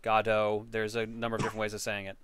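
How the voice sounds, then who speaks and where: A man co-hosting a podcast, chatting casually about games in a quick, matter-of-fact, teasing way. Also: on the low side, little pitch movement, fairly bright tone, smooth. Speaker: podcast co-host. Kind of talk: casual game chat.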